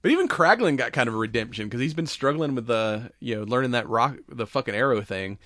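Young man, podcast host, rambling casual chat, frequent swearing, middling pitch, dry close sound. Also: animated, fast talker, fairly bright tone, no room sound. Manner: rambling recaps full of swearing and acted-out quotes.

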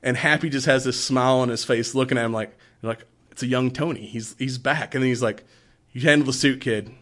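A man's voice: medium pitch, steady tone, a little fast, fairly bright tone. Laughing, swearing man recapping a movie. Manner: laughs often, swears, retells scenes in quoted voices. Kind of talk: casual movie recap chat.

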